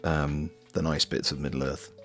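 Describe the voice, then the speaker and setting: A man's voice: a bass voice, level tone, moderate pace, fairly bright tone. A young Welsh man with a Welsh accent, chatting casually and jokily while knitting on a stream, swearing freely. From Wales. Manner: rambling, jokey, swears freely. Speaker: streamer and voice actor. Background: faint lo-fi music.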